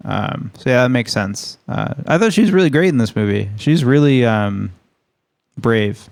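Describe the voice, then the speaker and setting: A man's voice: mid-range voice, expressive, normal speed, vocal fry, darkish tone. A man co-hosting a podcast, discussing a film in a dry, understated way. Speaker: podcast co-host.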